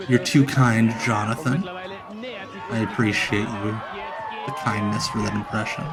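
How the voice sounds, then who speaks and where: A man's voice: fairly low pitch, measured pace, music in the background, crowd noise. A young man hosting a live watch-along stream, joking and enthusing about the match. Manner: jokey, enthusiastic banter. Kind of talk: casual watch-along commentary.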